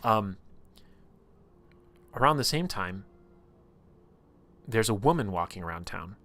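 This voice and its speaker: A man's voice: lowish voice, lively intonation, takes it slowly, pauses often, sharp tone. A man casually recapping his tabletop campaign on a stream, rambling and full of filler words. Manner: rambling, filler-heavy, lots of "like".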